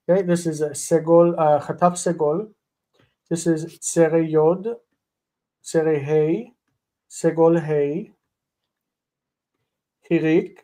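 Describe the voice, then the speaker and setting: A man's voice: a little high, flat delivery, slow, pauses often, mellow. A man teaching a live online Hebrew lesson, patiently repeating terms and rules.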